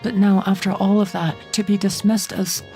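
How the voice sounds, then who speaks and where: A woman's voice: mid-range voice, level tone, moderate pace, dark tone, soft background music, close to an everyday voice. A woman reads a loyal male commander in a fantasy game, earnest and stung in his pride. The voice stays close to her own.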